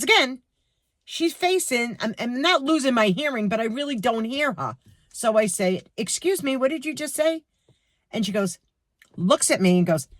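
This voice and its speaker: Retired New York woman in her sixties, vlog rant, lively pitch, dry sound. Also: dry recording. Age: 60s. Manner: indignant, animated, acts out quotes. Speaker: vlogger. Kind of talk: storytime rant to camera. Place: her garage. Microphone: camera.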